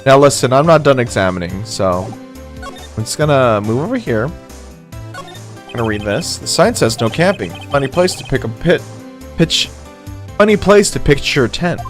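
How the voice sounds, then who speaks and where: Guy streaming a game, casual and sweary, kinda slow, voice bouncing around a lot, faint music behind. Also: mid-range voice, sing-song. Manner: casual, swearing, self-mocking. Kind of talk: casual gameplay commentary.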